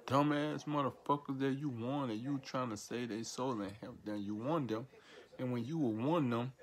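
Profane ranting man, self-styled prophet. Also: lowish voice. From Nigeria. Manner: defiant, profane, repetitive ranting with taunting asides. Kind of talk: profane monologue to camera.

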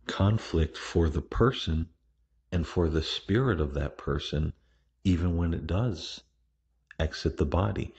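This podcast host speaks in a casual monologue, taking his time and often starting sentences over amid fillers. His voice is very deep, rough and husky, captured on a muffled, lo-fi recording.

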